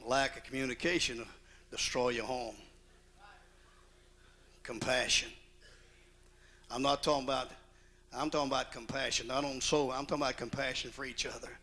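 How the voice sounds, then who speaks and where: A male pastor preaching a sermon in a folksy, emphatic way, swinging from quiet asides to loud outbursts. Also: mid-range voice, steady tone, normal speed, pauses often. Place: church auditorium.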